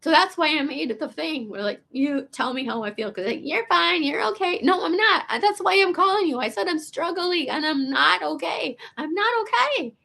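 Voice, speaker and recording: A woman in her fifties with a gravelly, rough-edged voice that sits high in pitch. She tells a personal story in a casual, confessional way, swearing freely, stumbling and restarting sentences as she goes. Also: expressive, moderate pace, few pauses, bright, forceful tone. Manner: rambling, profane storytelling full of restarts. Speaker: vlogger.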